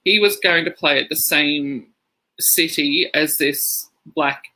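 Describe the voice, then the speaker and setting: Bright-voiced man telling stories. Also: a little high, slow, low-quality recording. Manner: rambling storyteller, laughs through anecdotes. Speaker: podcast co-host. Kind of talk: casual chat.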